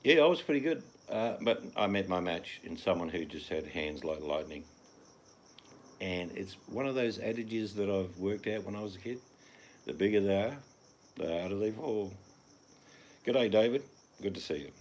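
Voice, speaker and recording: An older Australian man with a very low, gravelly voice rambles bluntly through a live chat from home. His delivery is loose and offhand, with the occasional swear. Crickets chirp faintly behind him. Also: animated, normal speed, a little hiss or hum. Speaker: livestream host reading chat. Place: at home in the evening.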